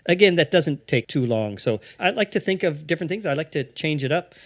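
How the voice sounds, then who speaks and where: A man, an improv theatre founder, explaining his craft in a casual interview and slipping into quick acted-out bits. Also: fairly high pitch, expressive.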